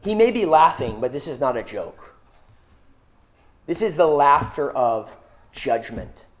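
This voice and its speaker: A man's voice: a little high, big pitch swings, measured pace. A young man preaching a conversational sermon, asking rhetorical questions and speaking casually with many fillers.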